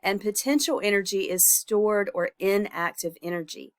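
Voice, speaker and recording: A woman's voice: mid-range voice, moderate pace. A woman instructor recording a lecture, her voice stuffy and congested from illness, speaking informally with fillers and self-corrections.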